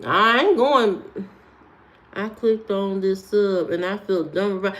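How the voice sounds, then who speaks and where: A woman's voice: mid-range voice, lively intonation, a little slow. An American woman streaming and answering chat in a sassy, joking, slangy way, talking straight to her viewers with frequent fillers. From United States. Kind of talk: casual chat.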